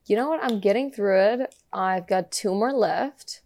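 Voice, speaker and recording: A woman's voice: medium pitch, unhurried, darkish tone. A woman co-hosting a podcast in casual chat, laid-back and giggly, swearing casually. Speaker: podcast co-host.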